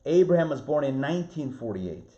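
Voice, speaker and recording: A man, a rabbi, teaching an online Torah class, lively, restarting phrases and asking his students questions. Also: mid-range voice, brisk. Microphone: video call. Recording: roomy, muffled video-call audio.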